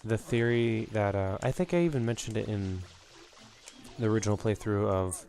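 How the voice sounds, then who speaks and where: A man's voice: fairly low pitch, moderate pace, darkish tone. A young man hosting a let's play, rambling and reminiscing through his commentary with lots of fillers, a bit out of breath.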